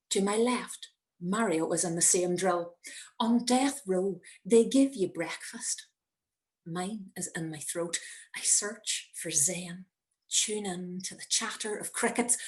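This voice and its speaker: A middle-aged woman tells her story slowly and deliberately. Her tone is wry, and she lets dramatic pauses land. She speaks from home over a video call. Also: mid-range voice. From Northern Ireland. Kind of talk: personal story reading. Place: home, indoors.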